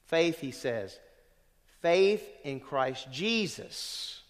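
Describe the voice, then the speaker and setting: A man preaching a sermon as pastor, emphatic, swelling loud on quoted verses and dropping low at the ends of phrases, calling questions out to the congregation. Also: lively intonation, moderate pace, big-room sound. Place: church sanctuary.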